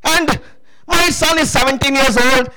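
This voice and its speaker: A man's voice: extremely high pitch, unhurried, pushed and bright, poor audio. A man preaching a sermon testimony, emphatic and calling out to the congregation for responses.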